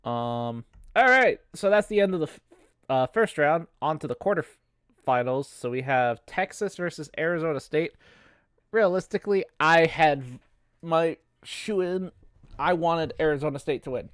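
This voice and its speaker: Coughing man, smooth dry voice. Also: fairly high pitch, expressive, normal speed, a bit bright, dry recording. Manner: rambling, frequent fillers and swearing. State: has a cough. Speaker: podcast host. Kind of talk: casual sports chat.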